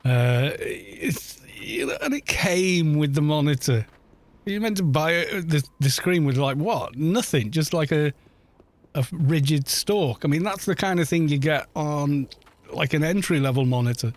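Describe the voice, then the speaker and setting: A man's voice: on the high side, expressive, unhurried, no echo. A man streaming a game, chatting casually and ranting in mocking disbelief, rambling with frequent restarts. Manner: incredulous, mocking rant. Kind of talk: casual livestream chat while gaming.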